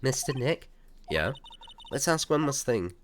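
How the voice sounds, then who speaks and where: A man's voice: mid-range voice, sing-song, measured pace, a little hiss or hum, voice pushed up. A man voicing a cheerful young female sidekick in a video game read-through, speaking in an eager, chirpy way. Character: cheerful young woman, spirit medium sidekick.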